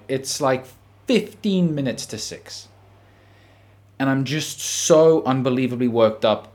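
An Australian man hosting a podcast, telling a story in a casual, animated, profane way. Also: medium pitch. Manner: animated, profane, dramatic retelling. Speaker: podcast host.

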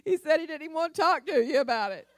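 A woman's voice: high voice, lively intonation, racing, voice pushed up. Woman doing her sobbing grown daughter. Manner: tearful, pleading.

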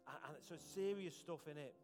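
A man's voice: on the high side, fast, a little mellow, faint music behind. A man preaching a conversational, earnest sermon as pastor, often repeating words.

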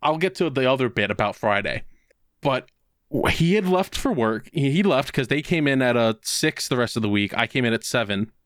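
A man's voice: medium pitch, moderate pace, no echo, studio quality. A man co-hosting a podcast, telling a work story in casual chat and acting out the quotes. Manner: animated storytelling with voiced quotes. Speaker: podcast co-host.

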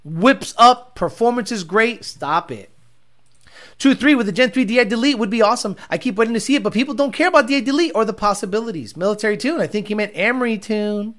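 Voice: medium pitch, fast, fairly bright tone. A livestream host reading viewer comments and ranting about car tuning with profanity and mockery.

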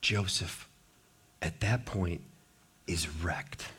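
A man pastor preaching a sermon, reading scripture aloud with dramatic swings between hushed, low passages and loud, raised ones. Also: extremely slow, breathy edge.

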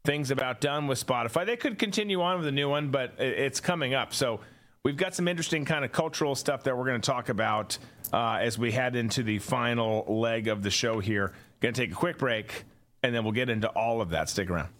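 Male host, wry and offhand, casual political chat, average pitch. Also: fairly quick, fairly bright tone. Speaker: show host. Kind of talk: casual political talk show.

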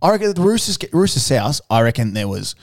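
A man's voice: medium pitch, sing-song, brisk, dry recording. Sweary Australian man ranting, dry sound. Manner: blunt, sweary, mocking. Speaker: podcast co-host. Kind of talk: casual sports podcast rant.

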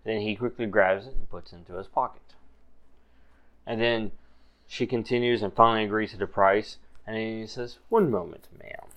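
A man's voice: fairly low pitch, steady tone, moderate pace, a bit bright, highs cut off. A man narrating as game master of a tabletop game, describing scenes in loose, easygoing storytelling.

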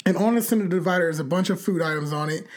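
A young woman in casual chat, telling a long story in a rambling, animated way, full of fillers and cussing. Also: fairly low pitch, rapid-fire.

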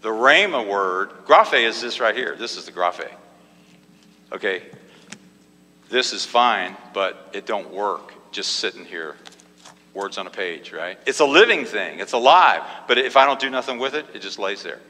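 A man's voice: lowish voice, animated, a little slow, pushed and bright, in a large hall. A man preaching a sermon in an emphatic call-and-response style, with frequent repeated exclamations.

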